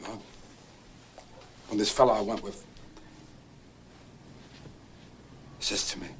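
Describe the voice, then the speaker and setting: A man's voice: mid-range voice, a little hiss or hum, lightly acted. An actor playing a restless, boastful young man who rambles through a racetrack story and keeps prodding his listener with "right?". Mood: conspiratorial. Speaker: actor in a film drama. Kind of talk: stage-play film acting.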